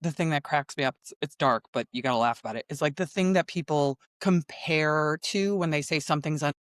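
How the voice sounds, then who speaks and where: A woman's voice: sits low, a little fast, dry recording, clean studio sound. A woman in her thirties, a guest improv teacher, telling personal stories in casual conversation with frequent laughter. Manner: animated storyteller, laughs often.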